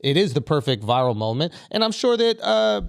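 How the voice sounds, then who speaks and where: A man co-hosting a comedy podcast, making his point emphatically and quickly in casual chat. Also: on the high side, very animated, creaky, smooth. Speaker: podcast co-host.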